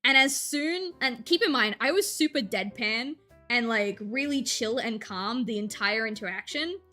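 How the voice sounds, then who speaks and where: A woman's voice: on the high side, lively intonation, normal speed, pushed and bright, faint music behind. A woman in her twenties, a streamer, casually telling a story while drawing, laughing often and slipping into quoted voices.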